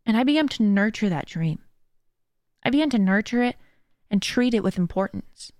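Her medium-pitched, slightly mellow voice has lively intonation at normal speed as this podcast host and streamer delivers a casual motivational monologue. She's heartfelt and earnest in her faith-driven encouragement, recorded clean in a studio with no room sound.

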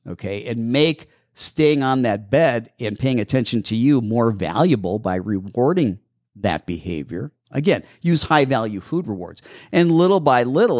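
A man's voice: medium pitch, no echo, studio quality. A man hosting a call-in pet podcast, answering listener questions about dog training with practical, step-by-step advice that he repeats patiently. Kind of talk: call-in radio show Q&A.

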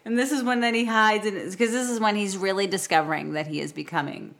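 A woman's voice: medium pitch, a little fast, creaky, fairly bright tone. A woman co-hosting a podcast, casually recapping a film's plot and quoting its characters. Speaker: podcast co-host. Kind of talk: casual film discussion.

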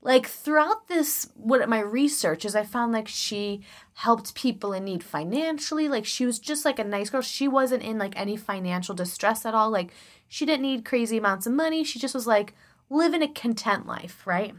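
Bright-voiced woman podcast host from Chicago. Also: fairly high pitch, lively intonation, moderate pace. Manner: forward musical-theater voice. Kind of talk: casual chat.

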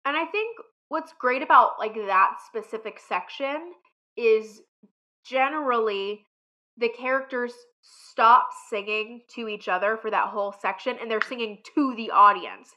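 A woman's voice: a little high, unhurried, bright, forceful tone, highs cut off. A woman in casual conversation, reacting with enthusiasm. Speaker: podcast co-host. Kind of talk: casual chat.

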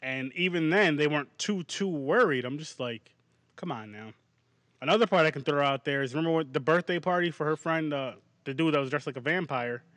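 A man hosting a podcast, chatting casually about a movie in a rambling, animated way and laughing often. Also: a little high, fairly quick, no room sound. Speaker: podcast host. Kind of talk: casual movie review chat.

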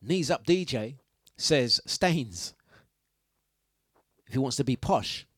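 A man's voice: medium pitch, lively intonation, slow, dry recording, studio quality. A man hosting a radio breakfast show, chatting playfully with listeners, laughing often and sing-songing his announcements. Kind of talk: casual radio chat. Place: radio studio. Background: faint music.

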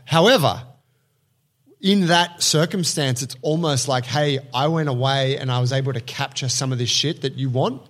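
Animated man hosting a podcast. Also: mid-range voice, moderate pace. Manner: animated, acts out quotes, swears. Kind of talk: casual chat.

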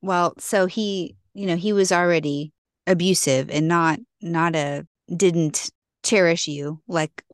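Low smooth woman cohost, calm and supportive, dry close sound. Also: takes it slowly, no room sound. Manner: calm, supportive, frequent affirming murmurs. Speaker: podcast co-host. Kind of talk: interview questions and comments.

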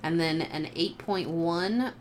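A woman's voice: fairly low pitch, slow pace, slight background noise. A woman co-hosting a podcast, filling in plot details in a matter-of-fact way. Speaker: podcast co-host. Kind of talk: casual movie review chat.

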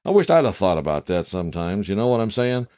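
A man's voice: deep voice, very animated, fast, darkish tone, no echo, studio quality. A middle-aged man hosting a casual podcast, telling stories in a rambling, chatty way with asides to the listener. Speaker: podcast host.

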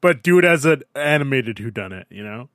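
A man's voice: medium pitch, lively intonation, a little fast, a bit bright. A man hosting a casual podcast chat, loose and swearing freely. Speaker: podcast host.

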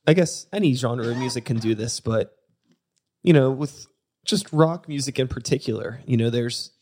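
A man's voice: mid-range voice, dark tone. A man hosting a casual interview, chiming in and agreeing easily. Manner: agreeable, chimes in with short reactions.

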